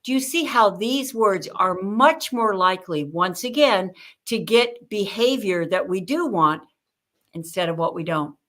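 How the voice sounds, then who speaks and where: An older woman appears as a guest on an interview show, speaking in an unhurried, mid-range voice. She tells lively stories about communication in a conversational way, acting out the people she quotes.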